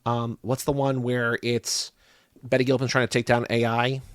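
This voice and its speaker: A man hosting a podcast, trading quick, joking banter in casual chat. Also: mid-range voice, flat delivery, clean tone, no room sound, clean studio sound. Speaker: podcast host.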